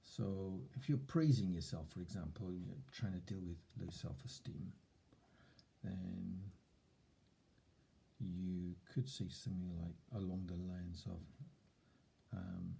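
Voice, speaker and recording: A man giving a relaxed self-help lesson, thoughtfully recapping points and demonstrating tones of voice. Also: deep voice, takes it slowly, creaky, a little hiss or hum. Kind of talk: relaxed instructional talk.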